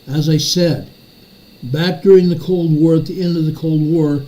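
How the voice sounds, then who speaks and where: A man's voice: on the high side, steady tone, moderate pace, warm tone, rough recording. An older man hosting a commentary show, ranting furiously and repeating his phrases for emphasis. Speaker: show host.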